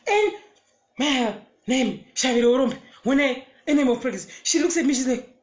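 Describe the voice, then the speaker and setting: A woman with a Zimbabwean accent tells a personal story in a casual, animated way and acts out the quotes. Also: high-pitched, normal speed, roomy sound. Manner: animated, switches between English and Shona, acts out quotes. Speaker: storyteller vlogger.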